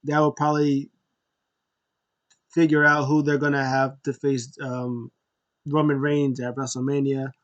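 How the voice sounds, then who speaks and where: A man giving a casual, excitable recap of a wrestling show, acting out scenes in raised voices. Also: mid-range voice, unhurried, long pauses, dull audio.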